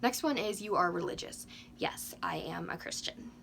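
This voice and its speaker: Slightly husky young woman vlogging. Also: fairly low pitch, moderate pace, fairly bright tone, slight background noise. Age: 20s. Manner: chatty, frequent ums, candid. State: losing her voice. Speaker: doll collecting YouTuber. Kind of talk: casual chat to camera.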